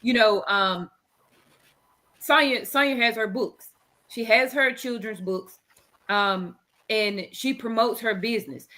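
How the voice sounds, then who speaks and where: A woman's voice: fairly high pitch, pushed and bright. A woman speaking earnestly on a radio talk panel, rambling with many fillers as she explains her views. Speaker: panelist, runs a charity dress program.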